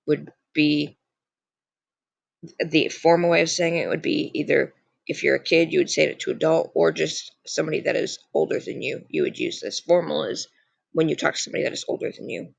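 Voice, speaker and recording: A man's voice: a little high, fairly even intonation, creaky, husky, dry recording. A young man teaching a beginner lesson from slides, patient and repetitive as he drills each word. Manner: slow, patient, repeats words for drill. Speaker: language teacher. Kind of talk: slide-based lesson narration.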